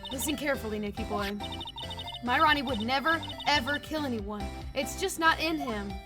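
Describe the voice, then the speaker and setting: A woman voicing a lovestruck, doting wife in a video game, with a put-on Southern American lilt and a breathy, sing-song gush. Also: high-pitched, moderate pace, close to an everyday voice. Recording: game music underneath.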